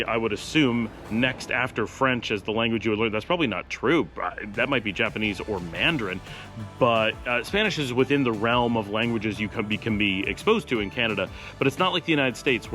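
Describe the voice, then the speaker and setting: A man's voice: mid-range voice, fairly bright tone. A man talking to camera in a casual vlog from his home office, answering viewer questions in a rambling, chatty way with dry sarcastic asides.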